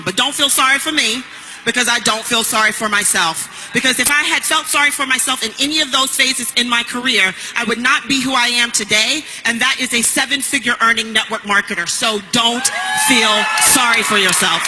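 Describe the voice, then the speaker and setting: A woman giving a motivational stage speech as a network marketing speaker, emphatic and punchy, building to shouts. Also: a little high, a little fast, big-room sound, soft background music, low-quality recording.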